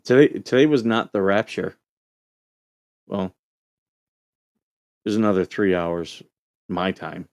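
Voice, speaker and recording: A man who served as a Marine, hosting a casual call-in show and telling a story in a relaxed, rambling way with lots of fillers. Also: low-pitched, takes it slowly, pauses often, dry recording, clean studio sound. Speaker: show host, Marine veteran.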